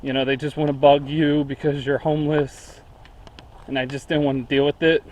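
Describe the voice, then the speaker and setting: A man's voice: on the high side, flat delivery, moderate pace, a little mellow. A man walking through woods and talking casually, out of breath, rambling with many fillers. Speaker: vlogger. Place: outdoors in woods.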